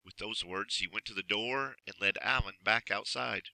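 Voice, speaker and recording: A man narrating a children's storybook in an expressive, measured way. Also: lowish voice, creaky, dry recording, poor audio. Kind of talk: storybook reading.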